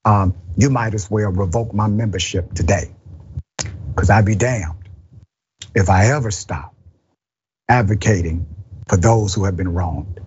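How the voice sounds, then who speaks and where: A man's voice: on the low side, measured pace, pauses often, darkish tone, breathy edge, highs cut off. A man hosting a news commentary show, speaking with indignant emphasis and addressing the person he criticizes directly. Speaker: host.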